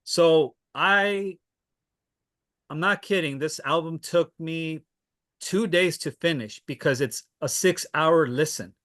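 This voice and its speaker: Man, casual music recommender, slow and halting, bright tone. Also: fairly high pitch. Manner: unhurried, hesitant with many fillers and restarts. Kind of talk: casual chat.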